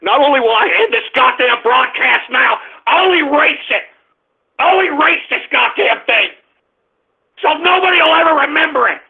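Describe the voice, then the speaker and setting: Angry cursing male radio host, very high gravelly voice, tinny phone-like sound. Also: lively intonation, moderate pace. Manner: angry, exasperated, cursing, shouting at listeners. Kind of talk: ranting at a live chat room.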